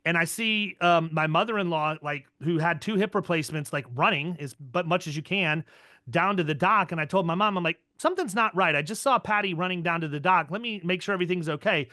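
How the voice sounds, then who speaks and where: A man hosting a podcast, telling a story in a casual, animated way with quick bursts of speech. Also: high voice, dry recording, clean studio sound. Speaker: podcast host.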